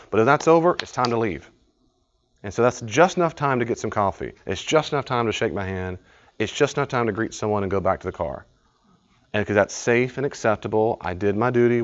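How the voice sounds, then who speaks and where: Low-voiced man leading a study group. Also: highs cut off. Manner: storytelling, acts out dialogues, laughs often. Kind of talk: informal teaching talk. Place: live study group in a room.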